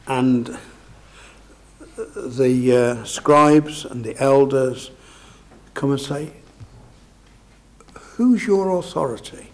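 A man preaches a sermon, working through the scripture verse by verse. His mid-pitched voice has a gravelly, creaky edge. He talks in a conversational, explaining way and keeps checking in with his listeners through tag questions. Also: extremely slow, pauses often.

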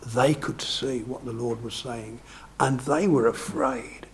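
A man's voice: mid-range voice, fairly even intonation, slow pace, a little hiss or hum. A man preaching a sermon, expounding scripture in a conversational way and often asking his listeners tag questions.

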